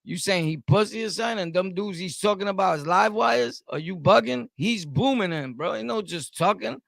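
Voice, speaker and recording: A man's voice: high voice, fairly quick, creaky, fairly bright tone, no echo, clean studio sound. A man with a Brooklyn accent, a streamer ranting heatedly at his chat and repeating his points over and over. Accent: Brooklyn New York. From Brooklyn, New York. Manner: heated, combative, repeats himself. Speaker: streamer host. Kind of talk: live-stream rant answering chat.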